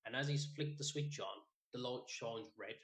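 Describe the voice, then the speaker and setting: A man's voice: medium pitch, normal speed. A man, co-hosting a podcast and telling a rambling, sweary story in casual chat. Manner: rambling, sweary, animated retelling. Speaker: podcast co-host.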